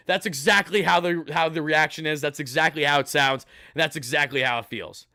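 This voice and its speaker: A man's voice: fairly high pitch, fairly even intonation, a little fast, hardly any pauses, bright, forceful tone, no room sound, studio quality. A man hosting a live postgame stream, hyped and thanking donors one after another. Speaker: sports channel host.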